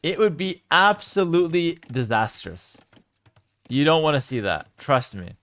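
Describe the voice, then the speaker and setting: A young man casting a strategy game live and chatting with his viewers, with sudden bursts of excitement. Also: a little high, a little slow, dry recording. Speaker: game streamer and caster. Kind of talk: live game commentary with chat.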